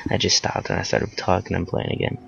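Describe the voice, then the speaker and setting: Teen guy rambling thru a story, deep and kinda gravelly, lots of ums. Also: level tone, fairly quick, highs cut off, background noise. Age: teens. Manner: rambling, with frequent fillers and self-corrections. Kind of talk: casual personal storytelling.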